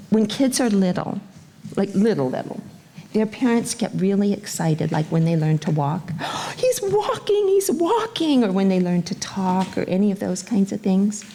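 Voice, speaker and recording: A woman teacher giving awards to young students at a graduation, speaking gently and brightening as she acts out little quotes. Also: medium pitch, moderate pace. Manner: gentle, warm-hearted and animated, acting out little quotes. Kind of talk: speech at a school graduation.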